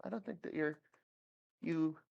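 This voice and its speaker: A woman's voice: sits low, a little slow, gravelly, darkish tone, dry recording, lo-fi sound. A woman player in a tabletop game, talking casually with lots of fillers. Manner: chatty, full of fillers like 'like'. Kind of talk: casual tabletop role-play.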